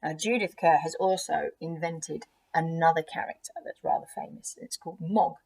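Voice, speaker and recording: A woman teacher reading a picture book aloud to children, expressive and gentle, with chatty asides. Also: deep voice, normal speed, vocal fry, breathy edge.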